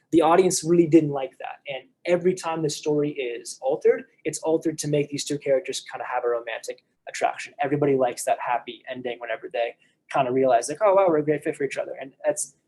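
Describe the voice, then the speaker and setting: Young American man, church class teacher, casual lecture, husky edge, lots of restarts. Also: mid-range voice, a little mellow, low-quality recording. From United States. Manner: conversational, frequent restarts and fillers.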